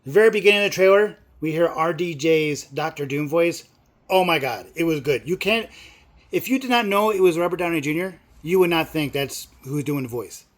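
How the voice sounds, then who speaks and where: A middle-aged man chats casually on his vlog, wandering from point to point with plenty of fillers. His voice sits a little high for a man. Every so often he bursts out with excitement. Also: a little fast. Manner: rambling, filler-heavy talk with excited outbursts. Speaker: movie vlogger. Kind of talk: casual chat.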